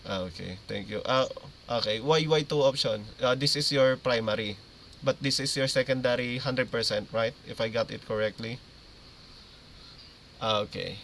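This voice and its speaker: A man's voice: mid-range voice, moderate pace, a bit bright, slight background noise. A man, coaching an esports team in a meeting. He repeats key terms and keeps checking that his listeners follow.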